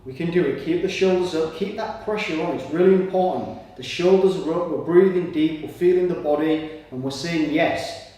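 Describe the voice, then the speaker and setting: A man's voice: on the high side, moderate pace, warm tone. A man leading a guided somatic exercise, giving encouraging cues and breathing audibly between them. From Britain. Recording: echoey room, voice from far off.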